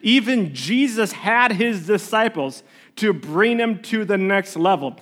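High-voiced man preaching a sermon. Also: animated, measured pace, a bit bright. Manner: conversational, storytelling with restarts. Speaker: pastor. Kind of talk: sermon with prayer. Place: church sanctuary.

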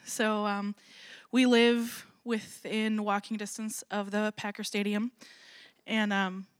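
A woman's voice: medium pitch, flat delivery, slow, smooth, dry recording, studio quality. A middle-aged woman from Wisconsin, a ministry founder telling her personal testimony at a church gathering, chatty and self-deprecating with frequent little laughs. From Wisconsin, USA. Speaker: ministry founder, guest speaker.

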